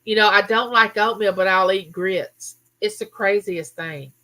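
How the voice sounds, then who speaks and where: A woman's voice: mid-range voice, unhurried. A woman hosting a casual live chat, chatting with viewers and reading out their comments. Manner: chatty, animated, talks straight to viewers. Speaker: livestream host.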